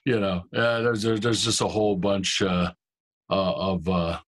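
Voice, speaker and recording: A man in his forties co-hosts a casual podcast chat. He has a low, husky voice and talks in a relaxed, hesitant way, filling gaps with uhs. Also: unhurried. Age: 40s. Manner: hesitant, many uhs, laid-back. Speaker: podcast co-host.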